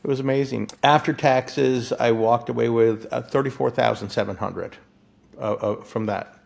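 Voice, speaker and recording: A man from Florida, a physician, telling his lottery story as an interview guest in an excitable, stammering way, often laughing. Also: medium pitch, normal speed, creaky.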